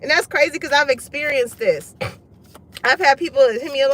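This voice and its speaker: Blunt, high-voiced woman reader. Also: moderate pace, fairly bright tone, low-quality recording. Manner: blunt, profane, laughs often, acts out others' lines. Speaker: tarot reader. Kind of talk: casual spoken reading to viewers.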